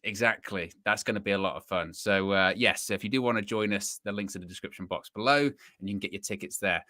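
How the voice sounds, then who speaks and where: A young man hosts a casual football live stream, trading banter and reminding viewers to like and subscribe. His voice is bright and clear, and the sound is dry and close. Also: on the low side, quick pace, dry recording. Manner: chatty, banters and plugs the channel. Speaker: host of a football fan show.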